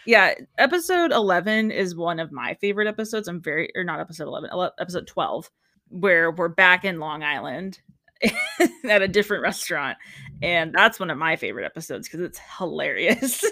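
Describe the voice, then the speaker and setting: A woman's voice: on the low side, expressive, brisk, sharp tone, no echo, clean studio sound. A young woman hosting a podcast, talking casually, frankly, and laughing often. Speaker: podcast host. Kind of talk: casual chat.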